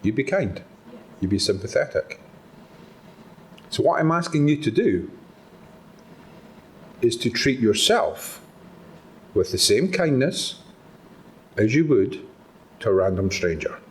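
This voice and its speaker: Scottish man, conference speaker, animated pitch, engaging, audience participation. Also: takes it slowly, long pauses. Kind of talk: live talk to an audience. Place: conference hall.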